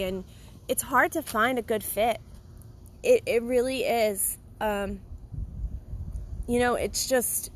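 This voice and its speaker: A woman who grooms dogs for a living, giving her blunt opinions straight to the viewer in a casual monologue, emphatic and animated. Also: on the high side, rough recording. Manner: animated, mocks complaints in a put-on voice. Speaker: dog groomer and video host.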